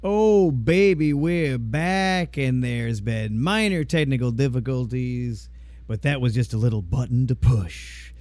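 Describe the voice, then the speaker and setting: A man's voice: medium pitch, unhurried, darkish tone. A man hosting a sports podcast in a laid-back, slightly scattered casual chat. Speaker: podcast host.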